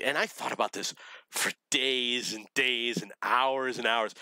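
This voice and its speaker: A man's voice: mid-range voice, normal speed, sharp tone, no echo. A middle-aged man telling rambling personal stories in a blunt, opinionated way, laughing at his own memories. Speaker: vlogger telling dating stories.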